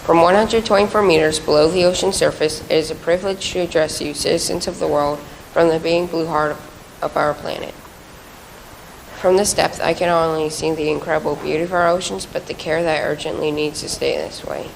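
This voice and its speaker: A student reciting a speech earnestly, with a few slips. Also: female voice, deep voice, fairly even intonation, brisk, vocal fry, a little hiss or hum, low-quality recording.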